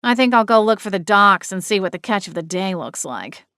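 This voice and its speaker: A woman's voice: mid-range voice, lively intonation, fairly quick, bright, forceful tone, smooth, no echo. A woman voicing a sardonic male ghost cat with a dry manner. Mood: breezy.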